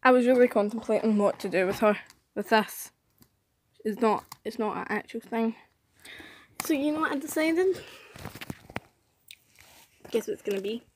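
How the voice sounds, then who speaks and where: A young woman talks to her viewers while she sketches, in a rambling, self-mocking way. Her voice sits a little high. A faint hiss is heard behind her. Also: moderate pace, long pauses. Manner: chatty, self-deprecating, rambling. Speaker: vlogger. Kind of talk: casual drawing commentary.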